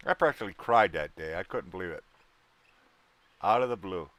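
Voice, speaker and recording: A man from Wisconsin hosting a relaxed livestream, rambling from one story to the next in a folksy, salty way. His voice sits fairly low, and the sound is dry and close. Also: normal speed, dry recording. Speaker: livestream host chatting with viewers. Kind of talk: casual livestream chat.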